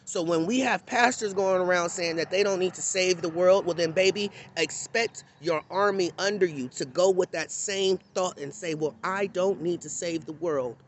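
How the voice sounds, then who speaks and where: A man's voice: high-pitched, moderate pace, few pauses, a little hiss or hum. A man giving an unscripted, blunt and impassioned monologue to camera in a candid, conversational tone. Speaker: vlogger.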